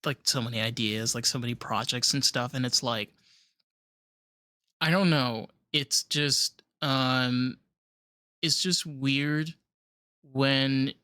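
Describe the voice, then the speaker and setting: A man's voice: medium pitch, sharp tone, smooth, dry recording, studio quality. A man hosting a podcast, talking casually with lots of fillers and sarcastic asides. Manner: rambling, filler-heavy, sarcastic. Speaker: podcast host. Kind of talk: casual interview chat. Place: South Florida.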